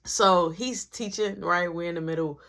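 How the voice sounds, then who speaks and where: A young adult woman telling a story in a storytime vlog, slangy and animated, acting out every part. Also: lowish voice, normal speed, gravelly.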